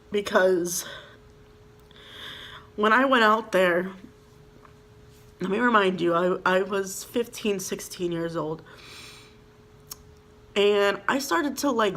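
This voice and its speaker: With a sharp tone and a mid-range voice, a young woman from Minnesota, USA, vlogs a personal storytime. She rambles casually, says "like" and "you know" often, and comes across as emotional and heartfelt.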